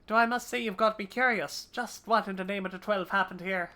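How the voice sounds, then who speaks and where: A woman's voice: medium pitch, fairly quick, bright, forceful tone, faint music behind, close to an everyday voice. Woman reading as a sly, slangy male rogue. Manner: old-fashioned rogue slang, reading game dialogue aloud. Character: slangy roguish male thief, sly and wry.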